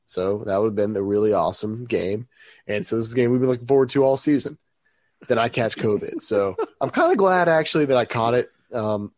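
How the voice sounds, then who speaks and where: A man's voice: medium pitch, a little mellow, dry recording. Sniffly sick guy on a sports pod, rambly, jokey, keeps correcting himself, dry sound. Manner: rambling, self-correcting, joking. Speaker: podcast co-host. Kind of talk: casual sports chat.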